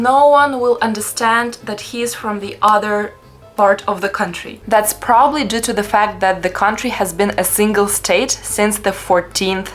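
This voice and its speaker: A young woman from Russia with a Russian accent, narrating a travel vlog in a chatty, lightly humorous, explanatory way. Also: medium pitch. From Russia (Perm). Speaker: travel vlogger.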